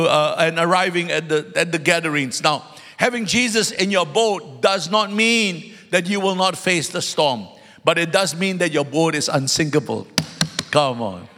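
A high-pitched male preacher delivers a sermon. He hammers key words twice and throws questions out to the congregation. The church's long reverb trails every phrase. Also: pushed and bright. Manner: emphatic, repeats key words, calls to the congregation; joking asides.

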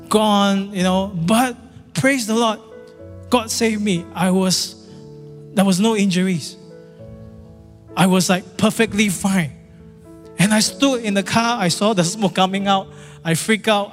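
Middle-aged male pastor, high voice, storytelling sermon in a reverberant hall with faint music. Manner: animated, repetitive, dramatic storyteller. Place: large church hall.

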